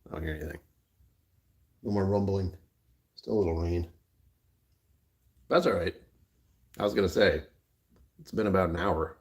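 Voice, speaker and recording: Indoors on a rainy afternoon, a man hosts a casual livestream from his phone, rambling, joking and laughing often. His voice is low-pitched at normal speed, with long pauses.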